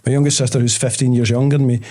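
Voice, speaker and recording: A man's voice: medium pitch, level tone, very fast, mellow. A Scottish man in his fifties, a guest on a casual chat show, telling stories and laughing often. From Scotland. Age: 50s. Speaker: guest, TV producer and actor.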